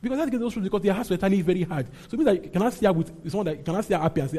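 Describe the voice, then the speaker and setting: A man's voice: high voice, lively intonation, rapid-fire, a little mellow, husky. A man preaching a sermon as pastor, emphatic and often checking in with his congregation. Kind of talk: sermon teaching and prayer.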